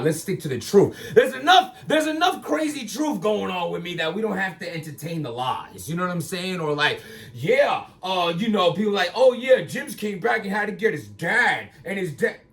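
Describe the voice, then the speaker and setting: Male battle rapper, high gravelly voice, rambling monologue, sits back from the mic. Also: far from the mic. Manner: rambling, restarts, bursts into loud emphatic lines. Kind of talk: casual commentary monologue.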